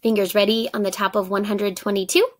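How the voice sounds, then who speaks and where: A woman's voice: medium pitch, flat delivery, fast talker. A woman teacher reading a children's book aloud for students, encouraging them and asking them questions. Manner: encouraging, asks questions to young listeners.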